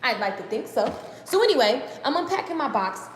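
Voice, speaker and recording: On a motivational live stream, a woman with a high voice rants with excitement, talking too fast, using casual slang, and driving her points home through repetition. She records on her phone in her home kitchen, where the hard surfaces lend her voice a long, echoing ring, with slight background noise.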